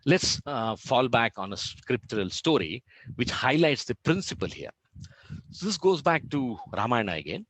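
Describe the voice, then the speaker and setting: A man giving a devotional scripture lesson in an explanatory way. He poses questions and answers them himself. His pitch moves in a lively way, and the recording is dry and close. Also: normal speed, no echo, poor audio. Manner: explanatory, asks questions then answers, uses Sanskrit terms. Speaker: scripture teacher.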